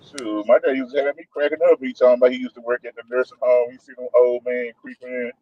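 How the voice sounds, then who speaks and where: Man, husky voice, a bit high, laughing storyteller, casual slang, muffled lo-fi audio. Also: flat delivery, fast talker, no echo.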